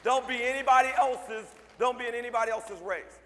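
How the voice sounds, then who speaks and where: A man with a high-pitched voice delivers a motivational speech at a school assembly, firing short punchy lines and teasing the students in front of him. His voice carries a long reverb from the large hall. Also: a little fast, pushed and bright, slight background noise. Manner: punchy, joking, talks straight to the crowd. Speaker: motivational speaker.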